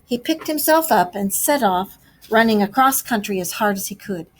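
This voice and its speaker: A woman teacher narrating a storybook aloud to a class, with expressive delivery. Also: medium pitch, normal speed.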